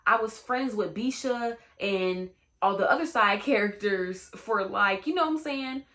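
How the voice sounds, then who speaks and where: Young woman hosting a storytime vlog; chatty, slangy, bright tone. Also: medium pitch, measured pace. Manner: chatty, slangy, lots of "you know what I'm saying". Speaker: storytime host. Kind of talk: casual storytime chat.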